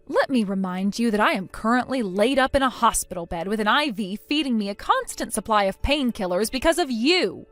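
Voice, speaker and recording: A woman's voice: a little high, animated, a little fast, hardly any pauses, a bit bright, no room sound. A woman narrating a text-message story in the first person, indignant, cutting and firm.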